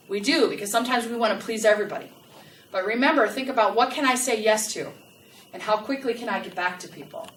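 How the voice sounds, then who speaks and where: Animated woman trainer in an echoey room. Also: a little high. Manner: animated, asks the audience questions. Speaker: workplace trainer. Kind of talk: customer service training talk. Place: large room with a live audience. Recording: echoey room, from a distance, faint noise.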